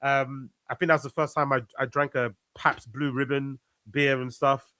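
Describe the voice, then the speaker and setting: A man's voice: medium pitch, little pitch movement, normal speed, pushed and bright, dry recording. A man chatting casually as a guest on a live stream, laid-back and rambling, swearing now and then. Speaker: guest, fellow show host.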